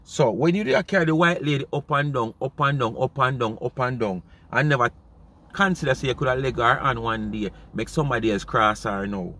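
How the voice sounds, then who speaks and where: A man's voice: medium pitch, a little fast, fairly bright tone. A man with a Jamaican accent speaking patois, hosting casual commentary in an emphatic, repetitive way. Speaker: commentary channel host.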